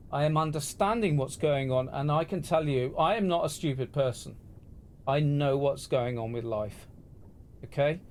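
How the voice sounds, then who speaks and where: A man's voice: on the high side, a little mellow, a little hiss or hum. A man from the UK, talking straight to viewers on a livestream in an impassioned, sweary, repetitive rant.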